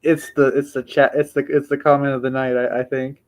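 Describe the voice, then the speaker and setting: A man's voice: mid-range voice, flat delivery, a little fast. A man chatting on a podcast in a laid-back, hesitant way, often restarting his sentences. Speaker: podcast co-host. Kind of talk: crude casual chat.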